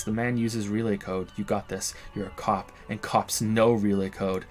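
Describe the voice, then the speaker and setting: A man's voice: on the low side, flat delivery, normal speed, hardly any pauses, soft background music. A man in his thirties streaming a game, reading its text aloud with casual swearing and bursts of laughter. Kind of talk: let's play game commentary, reading dialogue aloud.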